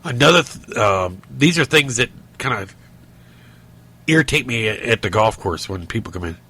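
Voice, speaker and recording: A man's voice: medium pitch, animated, normal speed, bright, forceful tone, breathy edge. A middle-aged man hosting a podcast, telling rambling stories and ranting with lots of restarts and fillers. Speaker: podcast host. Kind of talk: casual monologue.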